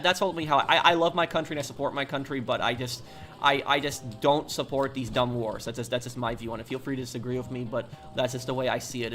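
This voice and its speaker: A man's voice: mid-range voice, fairly bright tone. Rambling opinionated male streamer. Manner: rambling and opinionated, reading viewer comments aloud. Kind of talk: live-stream chat while gaming.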